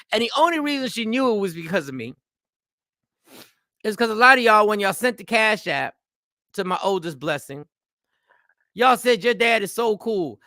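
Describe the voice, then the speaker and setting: Bright-voiced animated male comedian host. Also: high voice, no room sound, studio quality. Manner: animated, rambling, repeats phrases. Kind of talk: casual live-stream talk.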